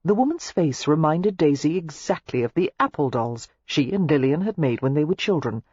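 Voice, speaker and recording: A woman narrating a romance novel audiobook in an expressive, measured way. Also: low voice, breathy edge, dry recording. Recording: dry, slightly muffled lo-fi recording.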